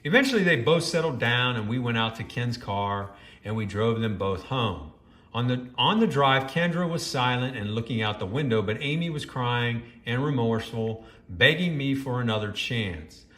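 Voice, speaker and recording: A man's voice: mid-range voice, animated, moderate pace, a bit bright, echoey room. A man reading a first-person story aloud and breaking off into judgmental, scolding commentary.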